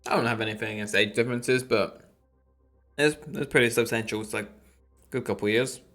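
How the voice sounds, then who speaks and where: A man's voice: mid-range voice, a little fast, fairly bright tone, soft background music. A man streaming a reaction video, chatting in rambling asides to his viewers. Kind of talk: casual reaction commentary.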